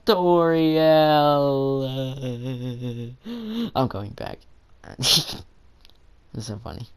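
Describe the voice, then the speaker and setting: A man's voice: fairly high pitch, lively intonation, extremely slow, pauses often, clean tone. A teenage boy doing casual gameplay commentary, with crude, playful, joking banter. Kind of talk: casual let's-play commentary. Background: game music.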